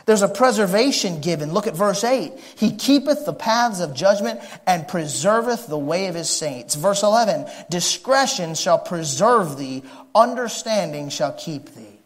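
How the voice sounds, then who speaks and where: A man in his thirties preaching a sermon as pastor of a church, animated and joking with the congregation, dropping to quiet asides and rising to shouts. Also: high voice, measured pace. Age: 30s. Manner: jokes with the congregation. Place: church sanctuary.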